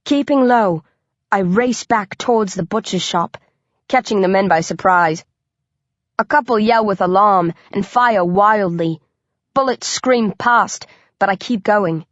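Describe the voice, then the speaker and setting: A woman's voice: mid-range voice, dry recording. A woman reading a first-person thriller audiobook, with tense, vivid storytelling. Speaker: audiobook narrator. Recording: dry, dull lo-fi recording.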